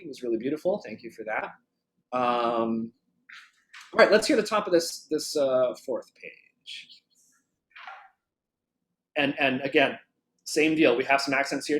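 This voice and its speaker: A man's voice: medium pitch, measured pace, pauses often, fairly bright tone. A man teaching a clarinet masterclass over a video call. He thinks aloud with restarts and fillers, and sings the phrases on nonsense syllables to show what he means. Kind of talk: masterclass coaching.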